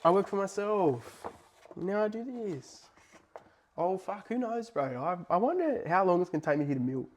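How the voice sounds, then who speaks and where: A young man tells a story to camera in casual, profane talk, swinging from loud outbursts to hushed asides. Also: high-pitched, very animated, normal speed, a little hiss or hum. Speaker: vlogger.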